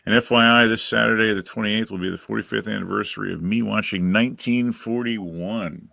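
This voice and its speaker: A man hosting a casual movie chat, enthusiastic and quick to laugh. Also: fairly low pitch, fairly even intonation, gravelly, pushed and bright, no room sound. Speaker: podcast host.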